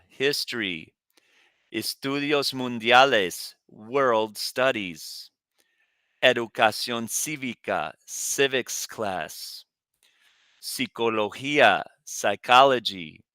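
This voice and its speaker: A man teaching Spanish, reading vocabulary slowly in a lowish voice so students can repeat after him. His tone is bright and smooth, recorded close in a dry room. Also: no echo. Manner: pronounces words for students to repeat. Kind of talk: recorded classroom lesson.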